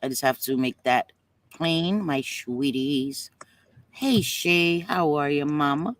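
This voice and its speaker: A woman's voice: low-pitched, slow pace, no room sound. Chatty lady doing a livestream, calls everyone sweetie pie, gets emotional and close to tears. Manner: emotional, fighting back tears. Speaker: livestream host. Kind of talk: casual livestream chat.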